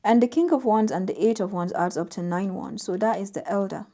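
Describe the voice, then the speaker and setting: A woman giving an intuitive tarot reading to camera, reading out card meanings in a soft, gently emphatic way. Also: mid-range voice, a little fast. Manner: soft-spoken, reads oracle card text aloud with gentle emphasis. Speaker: tarot reader.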